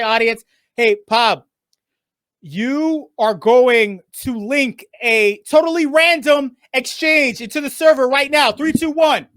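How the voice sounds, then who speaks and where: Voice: mid-range voice, a bit bright, no room sound. Game show host hyping up a live online round, cussing and joking, dry close sound. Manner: playful, teasing, swears freely, stalls by drawing out words.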